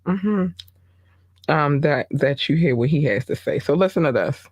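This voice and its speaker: A woman's voice: deep voice, animated, moderate pace, darkish tone, no room sound. A woman hosting a casual gossip podcast, chatty with many fillers and asides. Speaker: podcast host.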